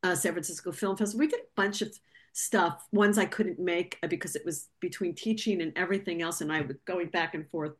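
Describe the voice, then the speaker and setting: A woman filmmaker telling a lively story on a video call, talkative and animated, acting out the voices of people she quotes. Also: on the low side, brisk. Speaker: documentary filmmaker, guest.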